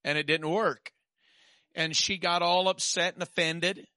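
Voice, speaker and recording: Male preacher, stammering restarts that build to forceful declarations, bright high-leaning voice, dry sound. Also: fairly even intonation, a little slow, no echo. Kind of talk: sermon.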